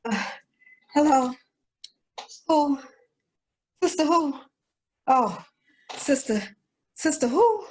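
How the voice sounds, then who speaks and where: A woman voicing a sassy young woman looter in a comedic skit, boastful and slangy with drawn-out exclamations. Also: high voice, animated, a little mellow, slight background noise, voice pushed up, heavily acted, rough recording. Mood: evasive.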